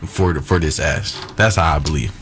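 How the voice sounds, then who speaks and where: A man's voice: extremely low pitch, brisk, a bit bright, a little hiss or hum. A man telling a crude, funny story in a clip played on air. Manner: crude, laughing anecdote. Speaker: social media clip speaker. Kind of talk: casual storytelling.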